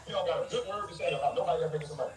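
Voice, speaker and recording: A man's voice: a little high, very fast, distant mic, soft background music. A man vlogging, ranting to camera in casual, heated, mocking trash talk. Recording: echoey, off-mic, noisy ambience.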